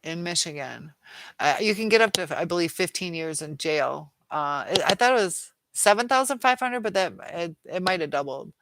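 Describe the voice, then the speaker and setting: A woman hosting a casual live chat, reading out viewer comments, chatty and quick to laugh. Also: on the low side, expressive, a bit bright, no room sound.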